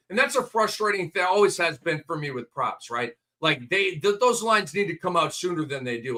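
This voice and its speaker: A man's voice: on the high side, sharp tone. A man hosting a casual sports betting chat, talkative and emphatic. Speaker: host.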